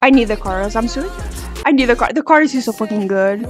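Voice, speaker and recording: High-voiced excitable young woman reacting. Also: quick pace. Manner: excitable, swears freely, sings along and shrieks. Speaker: reaction video host. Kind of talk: excited music video reaction. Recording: faint music playing behind her voice.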